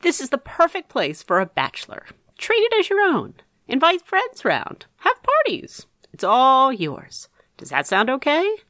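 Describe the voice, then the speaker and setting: A woman's voice: sits high, wildly swooping pitch, measured pace, hardly any pauses, pushed and bright, dry recording, studio quality, voice pushed up, full character voice. A woman voicing an eccentric, playful middle-aged uncle who speaks with theatrical flair. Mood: jovial. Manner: theatrical, flamboyant.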